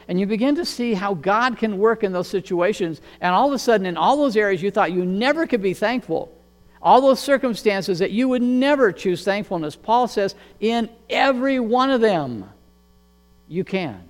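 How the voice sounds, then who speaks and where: A man preaching a sermon as pastor, earnest and measured, often repeating words as he goes. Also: high-pitched, animated, in a large hall.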